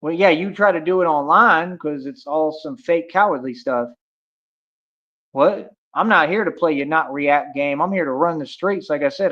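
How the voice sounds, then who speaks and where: A man's voice: fairly high pitch, fairly bright tone. A man ranting on a livestream, confrontational and taunting, with heavy street slang. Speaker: streamer. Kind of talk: livestream rant. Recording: dull lo-fi audio.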